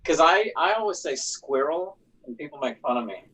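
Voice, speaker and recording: A man's voice: fairly high pitch, lively intonation, normal speed, sharp tone, poor audio. A man co-hosting a casual livestream, chatting and laughing. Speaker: co-host. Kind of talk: casual chat.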